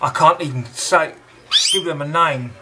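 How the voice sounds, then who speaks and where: A man delivering an angry, confrontational monologue straight to the listener, scornful and deliberate. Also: fairly high pitch, noisy background.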